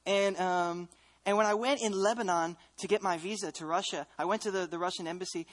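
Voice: medium pitch, fairly even intonation, a little fast. A speaker from the United States giving a personal faith testimony, telling the story earnestly and reflectively, often restarting phrases.

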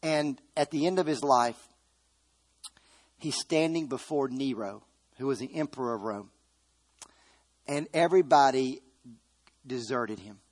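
A man's voice: mid-range voice, unhurried, pauses often, darkish tone. A man preaching a sermon, earnestly retelling a story with quoted dialogue.

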